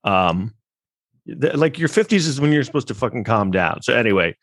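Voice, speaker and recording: A man's voice: mid-range voice, very animated, moderate pace, fairly bright tone, no echo. A man hosting a casual commentary, reacting to clips in a sarcastic, mocking, rambling way with plenty of swearing. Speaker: podcast host.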